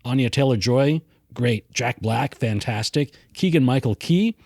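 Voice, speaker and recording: A man chatting through a casual film review on a podcast, speaking at a middle pitch. He is easygoing and self-deprecating, and laughs often. The recording is close and dry, with no room sound. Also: lively intonation, a little slow, gravelly, darkish tone, no echo. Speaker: podcast co-host.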